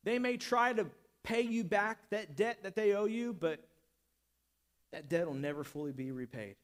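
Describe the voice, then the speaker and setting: A man preaching a sermon as pastor, impassioned and building up to shouted lines. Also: high voice, normal speed.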